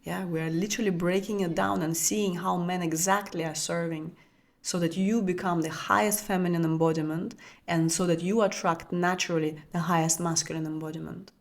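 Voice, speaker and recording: Female spiritual coach, first language Russian, soft flowing teaching talk, searching restarts, often hushed. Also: fairly low pitch, fairly even intonation, brisk. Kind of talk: intimate teaching talk to an audience.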